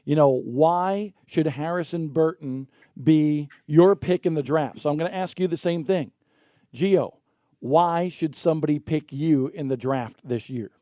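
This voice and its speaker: A man hosting a morning radio show, interviewing a young racer with animated, teasing questions. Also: on the high side, unhurried, no room sound, studio quality.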